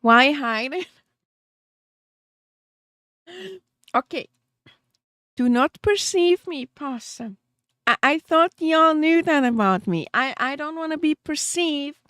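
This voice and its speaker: A woman's voice: high voice, lively intonation, takes it slowly, pauses often, a bit bright, dry recording. A woman VTuber streamer chatting casually with her viewers, giggly and openly emotional, laughing often and rambling with small restarts.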